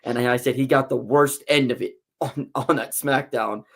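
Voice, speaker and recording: A man's voice: mid-range voice, fairly even intonation, moderate pace, vocal fry, a bit bright. A man chatting on a podcast in a mid-range voice, rambling through his stories. He doubles back often and restarts his sentences as he goes. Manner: rambling storyteller with many restarts. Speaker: guest, wrestling promotion figure. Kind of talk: casual podcast chat.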